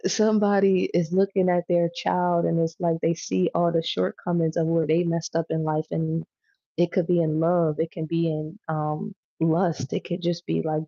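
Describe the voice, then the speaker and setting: A woman's voice: low-pitched, little pitch movement, moderate pace, creaky, mellow, no room sound, muffled recording. A woman giving a casual tarot reading to her viewers, rambling, profane and chatty as she goes. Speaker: tarot reader.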